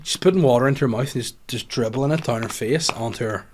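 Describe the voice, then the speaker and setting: A man with a Northern Irish accent runs his own comedy podcast, talking in a loose, rambling, animated way. He swears freely and riffs from one tangent to the next. His voice sits at an ordinary middle pitch. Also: quick pace, a little hiss or hum. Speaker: podcast host. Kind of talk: casual comedic monologue.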